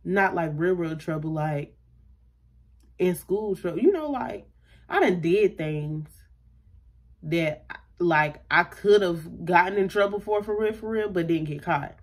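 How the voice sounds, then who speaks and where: A young woman tells a personal story to her viewers. Her voice has a husky, breathy grain. She talks in an animated, slangy way and keeps addressing her audience directly. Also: on the low side, unhurried. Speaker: YouTuber. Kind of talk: storytime vlog.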